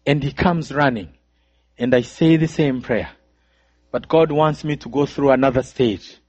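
A man's voice: mid-range voice, a little slow, a little mellow. A man preaching a sermon testimony, telling his story with emotion and repeated phrases. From Rwanda. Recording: dull, dry sound.

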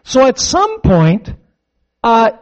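High-voiced preaching pastor, lo-fi. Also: male voice, huge pitch swings, slow pace. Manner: emphatic preaching with call-and-response questions. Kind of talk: sermon.

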